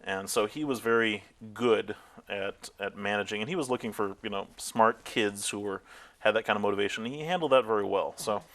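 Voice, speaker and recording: A middle-aged man with a fairly low voice answers interview questions. He tells his stories with animation, breaking into laughter and acting out the voices of people he quotes. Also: a little fast. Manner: animated storyteller, acts out quotes, laughs often. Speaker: interviewee, tech founder. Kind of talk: oral history interview.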